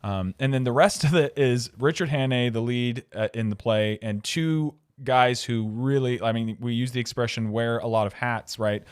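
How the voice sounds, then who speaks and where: A man of middle pitch hosts a film podcast and talks through his thoughts on a story. His delivery is casual and articulate, with a few fillers, and the sound is dry and close with no room around it. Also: normal speed, few pauses, clean tone, no echo. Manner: articulate, explanatory, some fillers. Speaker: podcast host.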